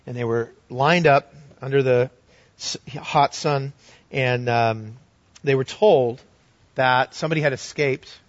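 A man's voice: mid-range voice, no echo. Male pastor delivering an earnest sermon, storytelling in a dry, dull-sounding recording. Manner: earnest storytelling with shifts between loud and hushed.

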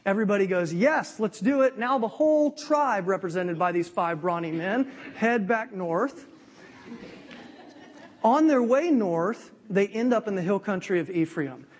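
A man retells a scripture story to a live group in a lively, conversational preaching style. His voice sits high for a man, and he often stops to check that his listeners are following. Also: unhurried. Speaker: preacher teaching a Bible lesson. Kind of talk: animated sermon storytelling.

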